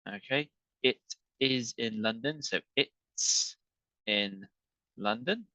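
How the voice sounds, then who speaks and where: This online English teacher's mid-range voice sounds pushed and bright as he patiently works through examples at a slow pace, repeating "okay" to check in. The recording is dry and rough.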